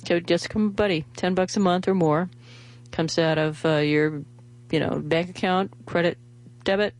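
A woman's voice: lowish voice, steady tone, normal speed, a little mellow. A woman radio host, talking in a rambling, chatty way full of fillers and restarts. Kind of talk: casual radio monologue with pledge appeal.

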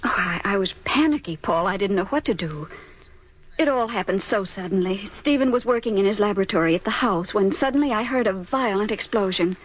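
A woman playing a soft, guarded young wife. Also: medium pitch, brisk, natural voice. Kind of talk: 1940s radio acting. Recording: dull old radio recording with faint hiss.

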